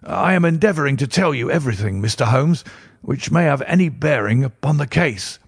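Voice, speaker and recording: A man narrating a classic first-person story as an audiobook, in a measured, formal storytelling way. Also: mid-range voice, breathy edge, no echo, clean studio sound.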